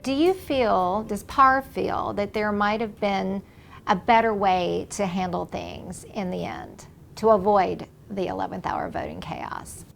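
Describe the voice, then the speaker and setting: A woman's voice: mid-range voice, fairly even intonation, a little slow, gravelly. A woman with an American accent, an interviewer asking questions in an inquisitive way.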